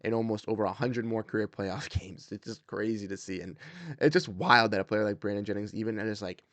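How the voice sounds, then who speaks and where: A man's voice: on the low side, steady tone, brisk, a bit bright, no echo. Fired-up young man, dry close mic. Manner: fired-up, repetitive, many fillers. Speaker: sports commentary host. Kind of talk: casual commentary.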